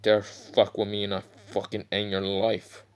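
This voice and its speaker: A man's voice: lowish voice, monotone, unhurried, natural voice. A man voicing a cold, overpowered young male ninja who threatens and curses in his own plain voice. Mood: threatening. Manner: threatening, cursing.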